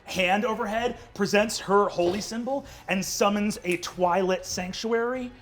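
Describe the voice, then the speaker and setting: A man narrating as the game master of a tabletop game, fast and full of fillers. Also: high voice, fairly bright tone. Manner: quick narration with many fillers.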